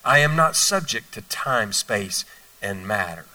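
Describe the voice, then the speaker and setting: A preacher doing a hushed, solemn boy Jesus. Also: fairly low pitch, lively intonation, unhurried, dry recording, distant mic, pitched below the performer's own voice, exaggerated voice. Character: calm boy Jesus speaking with quiet authority.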